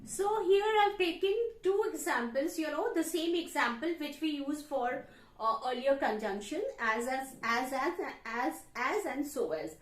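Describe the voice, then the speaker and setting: A woman English teacher with an Indian English accent, explaining grammar slowly at a board and repeating her examples. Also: sits high, expressive, roomy sound. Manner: explains slowly, repeats examples, frequent "you know" and "okay". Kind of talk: classroom grammar lesson. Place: classroom with a board.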